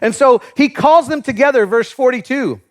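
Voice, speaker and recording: A man preaching a sermon in an animated way, laughing often and acting out the disciples in comic voices. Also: very high voice, moderate pace. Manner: animated, acts out biblical characters with comic voices. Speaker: pastor.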